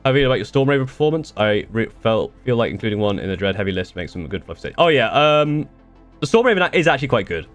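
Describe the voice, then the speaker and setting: A man's voice: medium pitch, sing-song, fast, soft background music. A young man chatting casually on a live stream, answering viewer questions in a rambling way with restarts and the odd swear. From United Kingdom.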